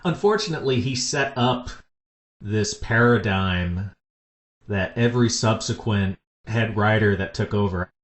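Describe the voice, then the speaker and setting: A man hosting a podcast in casual chat, enthusiastically pitching ideas. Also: measured pace. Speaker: podcast host. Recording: echoey room.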